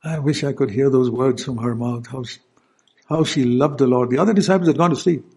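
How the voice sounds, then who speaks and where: A man's voice: medium pitch, fairly quick, a little mellow, breathy edge. A male preacher giving an earnest sermon, stopping to explain scripture verses.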